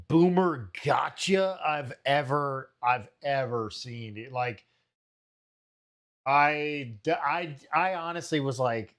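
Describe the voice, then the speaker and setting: A man streaming, reacting to a clip with exasperated, profane ranting commentary. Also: fairly high pitch.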